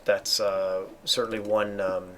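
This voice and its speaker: A man's voice: fairly low pitch, flat delivery, unhurried, a bit bright, slight background noise. A man voicing a friendly but evasive male dragon who hedges and stalls with many fillers. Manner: hesitant, sly, stalling.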